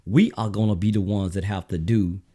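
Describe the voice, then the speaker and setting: A Southern US man delivers a blunt, preachy political monologue, talking straight to his viewers. His voice sits low, with a mellow, dark tone. He repeats his points like a street-corner sermon. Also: steady tone, brisk, breathy edge. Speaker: show host.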